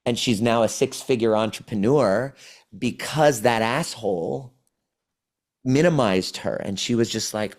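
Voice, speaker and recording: A man's voice: fairly low pitch, measured pace. A man on a podcast as a trauma healing coach. He tells a client's story and acts out her replies with a lot of energy. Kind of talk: conversational storytelling.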